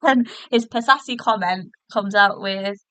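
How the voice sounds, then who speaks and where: A woman's voice: mid-range voice, a little slow, fairly bright tone, no room sound, poor audio. A woman hosting a podcast, chatting casually through a review with lots of fillers and restarts, recorded in a hotel room. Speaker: podcast host.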